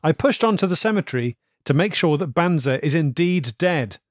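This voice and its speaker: A man co-hosting a casual podcast, reading listener emails aloud in a dry, measured way. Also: on the high side, lively intonation, dry recording.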